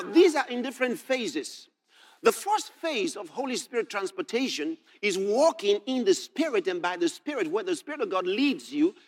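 A man preaching a sermon, moving from soft asides to shouted scripture readings and laughing as he reads. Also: sits high.

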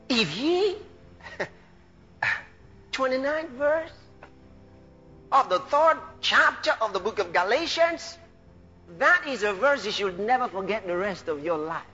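A man preaches with fervor in a very high, bright voice, shouting out praise and acting out the quotes he tells. The recording sounds muffled, with soft music underneath. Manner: impassioned, shouting praise, laughing, dramatic voicing of quotes. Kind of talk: sermon.

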